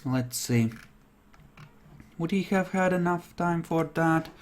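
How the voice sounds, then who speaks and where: A man running a tabletop role-playing game on a stream, relaxed and thinking aloud as he narrates and checks the rules. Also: fairly high pitch, slow. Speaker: game master.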